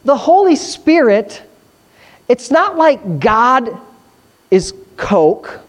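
A pastor, preaching in a conversational, animated way, with asides and quick questions to the congregation. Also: medium pitch. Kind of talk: sermon.

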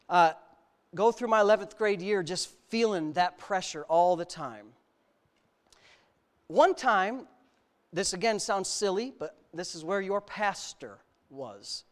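A U.S. pastor with a smooth, high-pitched voice shares a frank personal testimony in his sermon, moving between jokes at his own expense and earnest storytelling.

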